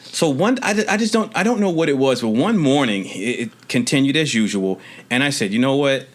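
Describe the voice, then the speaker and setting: Podcast co-host, young man, mid-pitched, earnest storyteller; restarts and casual cursing. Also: expressive, a little fast. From Maryland, USA.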